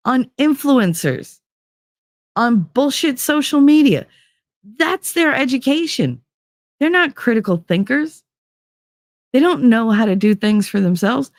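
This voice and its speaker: A woman in her fifties with a high voice hosts a live-stream, recorded dry with studio quality. She rants bluntly and emphatically, swearing often, as she reads out viewer comments.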